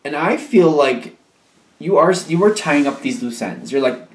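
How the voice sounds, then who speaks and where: A man's voice: a little high, animated, a little slow. Man giving a casual tarot reading. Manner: conversational, repetitive, acts out imagined voices of the listener. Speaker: tarot reader. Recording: echoey room.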